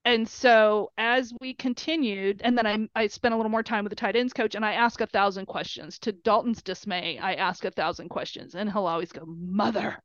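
A woman's voice: medium pitch, steady tone, fairly quick, few pauses, fairly bright tone, dry recording, highs cut off. A middle-aged woman, a mother, telling a story casually and emotionally, with many fillers and quoted dialogue. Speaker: mother of a college football player.

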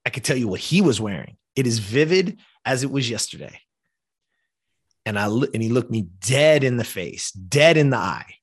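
A man's voice: mid-range voice, expressive, normal speed, slightly rough. A man in his fifties from the United States, a podcast guest telling an emotional personal story with casual swearing and frequent fillers like "like" and "you know". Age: 50s.

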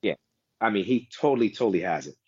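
A fairly low-voiced American man talks tennis in a loose, rambling way, restarting his sentences and throwing in animated asides. The sound is dull and lo-fi, with a dry, close feel and no room around it. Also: fast, slightly rough, no echo. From United States. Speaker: guest DJ and tennis fan. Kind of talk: casual podcast chat.

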